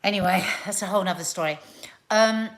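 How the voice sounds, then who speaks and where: Chatty South Londoner rambling on a live stream. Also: female voice, medium pitch, brisk. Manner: chatty, rambling, animated storytelling. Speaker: live show host. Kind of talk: casual live-stream chat.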